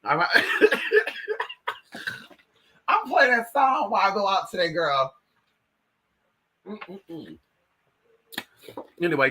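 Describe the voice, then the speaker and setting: An American woman vlogging in casual chat, brash and profane, swinging between loud outbursts and low asides. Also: husky. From United States. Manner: brash, profane, addresses viewers as girl and bitch.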